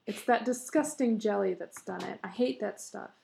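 Give me an anxious young mother who scolds her husband sharply, read by a woman. Her voice is mellow and dark with a gravelly rasp. She sounds tense and stern. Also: medium pitch, normal speed, a little hiss or hum. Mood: scolding.

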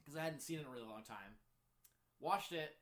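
A man co-hosting a casual film chat, rambling with many fillers and jumping up in pitch when he gets excited. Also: brisk, crowd noise. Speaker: co-host ranking films.

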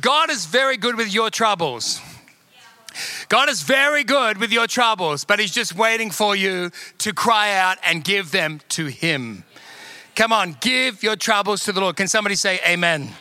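A man preaches a sermon in a high, piercingly bright voice. He presses his point again and again, calling on the congregation. The sound is close and dry. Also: animated, moderate pace, no echo. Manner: emphatic, repetitive exhortation to the congregation. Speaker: pastor.

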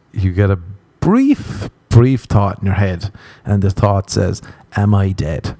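A man's voice: on the low side, warm tone, no room sound. A man hosting a podcast, telling crude, rambling stories and acting out the quotes in a casual comic monologue. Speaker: podcast host.

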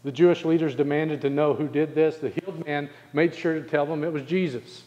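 A male pastor preaching a sermon, asking the congregation rhetorical questions and slowing down to stress key phrases. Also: a little high, fairly even intonation, warm tone, big-room sound, highs cut off.

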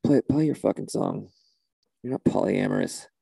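A man's voice: on the low side, moderate pace, gravelly, warm tone, husky, no echo. A man in a comedy sketch, talking in an exasperated, incredulous way.

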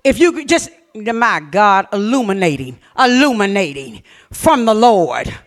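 Woman preaching hard, big swoopy pitch, shouty then soft, gets the church repeating after her. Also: very animated, measured pace. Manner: exuberant, swings from shouting to hushed reading; calls out and has the congregation repeat lines. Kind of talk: Pentecostal-style sermon.

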